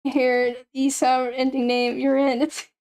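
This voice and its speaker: A woman's voice: sits high, flat delivery, a little slow, a little mellow. A woman chatting on a stream, teasing bluntly, swearing freely and laughing through her lines. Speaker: guest streamer. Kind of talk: casual stream chat.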